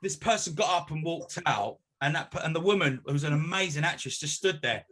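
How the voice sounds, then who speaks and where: Bright-voiced man telling stories. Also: on the high side, expressive, brisk. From North West London. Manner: chatty storyteller, laughs easily. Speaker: guest. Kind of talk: casual chat.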